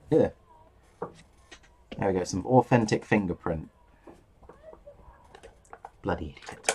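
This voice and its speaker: A man's voice: sits low, expressive, takes it slowly, pauses often, mellow, slightly rough. A man giving a casual running commentary while crafting at his desk, rambling, joking and swearing under his breath. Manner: rambling, jokey, swears and mutters to himself. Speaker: miniature painting hobbyist.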